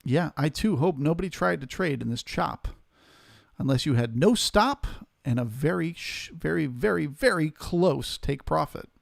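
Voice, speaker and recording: A man's voice: on the high side, expressive, moderate pace, creaky, no room sound, studio quality. A man hosting a live trading stream, steadily talking through market levels and greeting viewers in chat.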